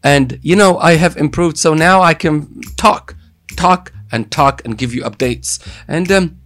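A man hosting a daily podcast from a studio, talking in an energetic, playful, hype-style way. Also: a little high, measured pace, no room sound. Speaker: podcast host. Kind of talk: casual podcast chat. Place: studio with cameras.

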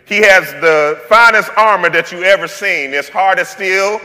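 A man's voice: high voice, normal speed, pushed and bright, big-room sound. A male pastor preaching a sermon in a playful, conversational way, with slang and joking asides.

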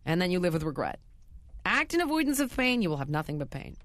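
A woman's voice: lowish voice, very animated, fast talker, a bit bright, dry recording. A woman hosting an advice talk show, speaking bluntly and emphatically in casual chat. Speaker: radio advice show host.

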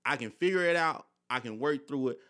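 A man's voice: medium pitch, brisk, bright, forceful tone. A young man hosting a podcast, telling personal stories candidly in casual slang with frequent swearing. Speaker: podcast host. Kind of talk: casual conversation.

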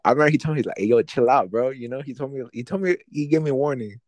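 A man's voice: medium pitch, rapid-fire, darkish tone, no echo. A young man telling a schoolyard fight story in casual, profane slang, acting out his own past lines.

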